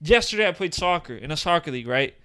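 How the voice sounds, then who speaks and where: Fast-rambling young man, high bright voice. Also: lively intonation, clear, resonant tone. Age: 20s. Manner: rambling, profane, filler-heavy storytelling. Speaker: podcast co-host. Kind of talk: casual chat.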